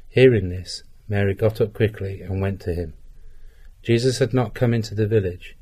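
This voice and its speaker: A man reading a Gospel passage aloud in a measured, even way. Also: on the low side, breathy edge. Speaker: scripture reader.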